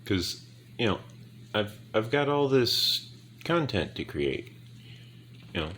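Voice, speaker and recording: A man's voice: on the low side, a bit bright, a little hiss or hum. A sleepy man narrating his game casually to viewers, trailing off and mumbling to himself as he plays. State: very sleepy, yawning. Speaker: gaming YouTuber. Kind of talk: casual gameplay commentary.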